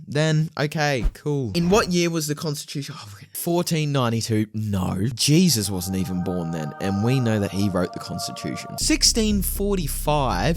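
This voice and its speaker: A young man with a lively, swooping voice. He jokes, teases and boasts in a playful way while he reasons through quiz questions. Faint music plays behind him. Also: a little high. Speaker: comedy video host. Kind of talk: comedic quiz vlog.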